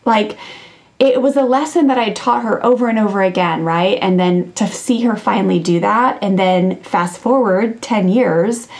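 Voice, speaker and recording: A woman's voice: mid-range voice, normal speed, a little mellow. A woman in her thirties, a podcast host and parenting coach, telling a personal story in a chatty way, with many fillers and restarts. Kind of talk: casual storytelling monologue.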